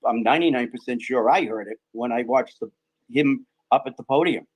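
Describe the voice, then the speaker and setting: A man's voice: mid-range voice, fairly quick, husky, poor audio. Hesitant man with frequent ums. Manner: hesitant, many ums and restarts. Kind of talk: casual podcast discussion.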